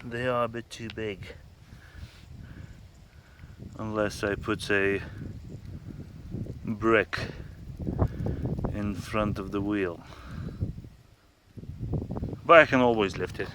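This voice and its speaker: Guy doing a diy car vlog outside, slow rambly joking talk, camera on a tripod, noisy background. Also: on the low side, fairly even intonation. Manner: rambling, jokey, self-correcting. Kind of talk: casual how-to vlog.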